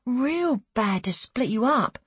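A woman reading aloud, voicing a laid-back teenage boy who talks in a hushed, casual way and keeps saying "man". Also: fairly high pitch, lively intonation, slow, husky, dry recording, pitched above the performer's own voice, heavily acted. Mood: hushed friendly.

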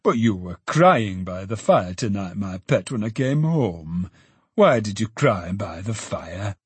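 A man reading an audiobook, voicing an excitable older father who fusses fondly over his family. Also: lowish voice, unhurried, slightly rough, no echo, voice pushed down, heavily acted. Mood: overjoyed. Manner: excited, fond and laughing.

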